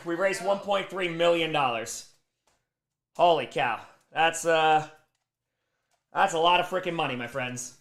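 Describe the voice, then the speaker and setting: A man hosts a charity livestream, his voice bright and sitting a little high. He chats loosely, fondly scolding his dog between thank-yous to donors. The sound carries a roomy echo. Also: a little slow. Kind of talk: casual livestream chat.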